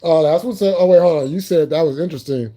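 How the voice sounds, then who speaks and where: A man running a laid-back stream keeps laughing as he banters with his chat in loose, profane language full of repeated phrases. He talks fast, his mellow, darker-toned voice pitched a little high.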